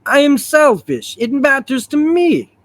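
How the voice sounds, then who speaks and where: A man voicing an earnest, gentle male giant hero from a comic, with a put-on Russian accent. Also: very high voice, sing-song, a little slow, no room sound, pitched above the performer's own voice, heavily acted. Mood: tender, pleading.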